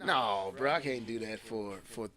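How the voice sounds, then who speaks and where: A man's voice: lowish voice, unhurried, sharp tone. A man hosting a podcast in casual chat, slangy and rambling as he sets up the topic. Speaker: podcast host.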